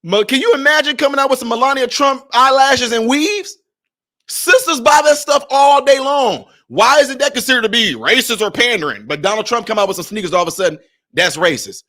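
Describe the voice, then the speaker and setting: A man's voice: very high-pitched, animated, a little fast, bright, forceful tone. A man giving emphatic, conversational commentary in a vlog, speaking directly to his viewers.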